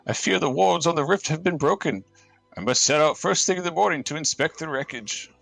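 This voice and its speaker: A man doing a high, solemn old mage. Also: expressive, a little fast, vocal fry, fairly bright tone, no room sound, soft background music, heavily acted, low-quality recording. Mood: fearful. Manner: solemn old-man reading voice, higher than his own. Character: old male mage journal writer, grave and fretful.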